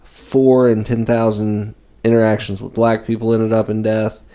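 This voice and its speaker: Guy rambling on a podcast, lots of "like", mellow warm voice. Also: on the low side, flat delivery, normal speed, clear, resonant tone. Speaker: podcast co-host. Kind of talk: casual chat.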